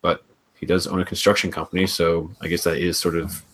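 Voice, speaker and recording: A man's voice: low-pitched, flat delivery, brisk, fairly bright tone. A man co-hosting a casual podcast chat, explaining in an easygoing way and hedging often. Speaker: podcast co-host.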